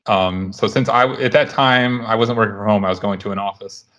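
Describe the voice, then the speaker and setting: A man in his thirties hosting a casual podcast chat, relaxed and rambling with frequent restarts. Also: on the low side, a little fast, muffled recording. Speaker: podcast host.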